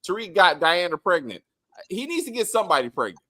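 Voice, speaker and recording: A man hosting a casual TV review chat, excitable and loose, swearing freely and filling pauses with "uh". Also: high voice. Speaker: show host.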